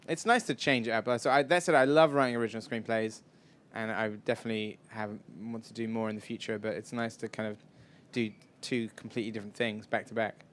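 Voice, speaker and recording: A man's voice: on the low side, fairly even intonation, fast talker, hardly any pauses. A man answering audience questions at a live event, chatty and rambling, often self-deprecating. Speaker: filmmaker guest.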